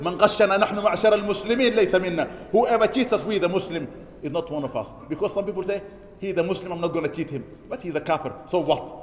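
A man with a high, quick voice delivers an Eid sermon in a large mosque hall, his words ringing with long reverb. He exhorts the congregation, repeating key lines for emphasis and rattling off Arabic verses at speed. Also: slight background noise. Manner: chants Arabic scripture quotes quickly. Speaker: imam preaching.

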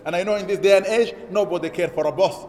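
Fast, high-voiced man preaching in an echoey hall. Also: a little mellow. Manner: emphatic, repeating Arabic quotes then translating them. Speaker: imam preaching an Eid sermon. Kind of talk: sermon. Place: mosque.

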